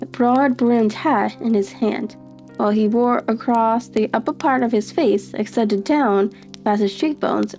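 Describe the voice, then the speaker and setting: A woman giving a live reading of a classic detective story, unhurried, with small restarts and fillers. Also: a little high, warm tone. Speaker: narrator reading aloud.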